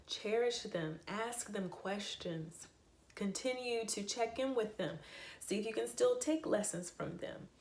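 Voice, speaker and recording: A young woman telling a heartfelt, rambling personal story in a casual vlog, with many fillers and restarts. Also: medium pitch. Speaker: vlogger, voice teacher. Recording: echoey room.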